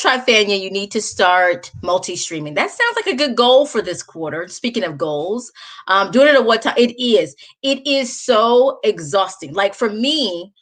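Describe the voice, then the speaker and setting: A woman's voice: medium pitch, fairly bright tone. A woman with a Southern US accent hosting a casual live chat, talking straight to her viewers and laughing often. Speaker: livestream host.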